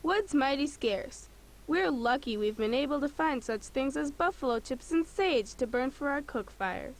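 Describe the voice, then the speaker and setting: A woman's voice: high-pitched, lively intonation, normal speed. A woman voicing a hardy, plainspoken pioneer woman in a computer game. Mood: content.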